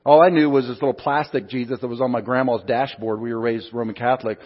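Male pastor, storytelling sermon, husky tone, muffled hall recording. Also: mid-range voice, steady tone, quick pace. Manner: storytelling with acted-out quotes. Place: church hall. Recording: muffled sound in a reverberant hall.

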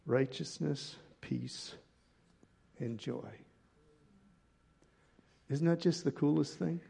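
A man preaching a sermon, telling a personal story in an animated, conversational way. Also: fairly high pitch, slow pace, gravelly, husky. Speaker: pastor.

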